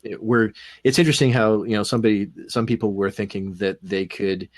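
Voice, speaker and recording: A man with a Canadian accent talking casually on a podcast panel, rambling with many pauses and dry humor. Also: lowish voice, fairly even intonation. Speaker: podcast co-host.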